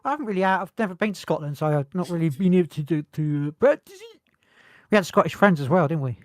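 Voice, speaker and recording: A man co-hosting a casual podcast, joking loudly, swearing and slipping into mock voices. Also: a little high, fast talker, no room sound, clean studio sound. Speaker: podcast co-host. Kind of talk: casual chat.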